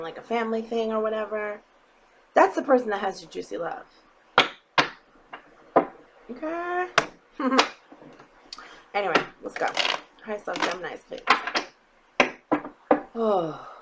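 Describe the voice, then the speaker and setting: A woman's voice: mid-range voice, heavy background noise. A woman giving a casual tarot reading to her viewers, blunt and emphatic, swearing freely and often checking in with "okay?". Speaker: tarot reader.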